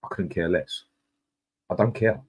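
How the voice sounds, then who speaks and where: A man hosts a live fan stream in a low, husky voice. He rants with heat and swears freely. In between he greets viewers in the chat one by one. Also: a little slow, darkish tone. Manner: angry ranting, swearing, greets chat by name. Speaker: host. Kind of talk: live-stream football rant.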